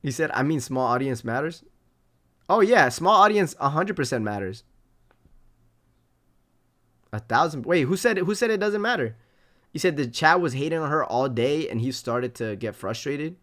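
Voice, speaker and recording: A man live-streaming, reading chat comments aloud and reacting in a loose, animated way with plenty of swearing. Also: a little high, normal speed, long pauses.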